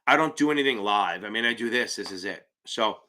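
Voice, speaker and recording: A man's voice: fairly low pitch, expressive, fairly quick, sharp tone. A man running a live-stream Q&A as an exam prep tutor, talking bluntly, rambling and swearing casually as he answers viewers.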